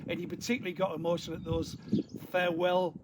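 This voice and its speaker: A man's voice: sits high, flat delivery, fast, heavy background noise. A man hosting an interview, asking long rambling questions and praising his guest eagerly. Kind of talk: casual interview.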